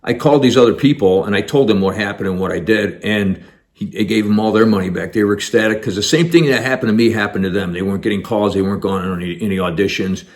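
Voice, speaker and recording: A man, an actor, telling a personal story in an animated way, acting out the dialogue as he goes. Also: lowish voice, fast.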